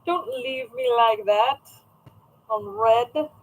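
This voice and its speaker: Woman, 30s, fairly high voice; loose, chatty shop-owner livestreamer who rambles and greets viewers. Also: drawn-out words, noisy background. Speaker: craft shop owner streaming live. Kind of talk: casual livestream chat. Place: at home, indoors. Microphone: camera set up at a desk.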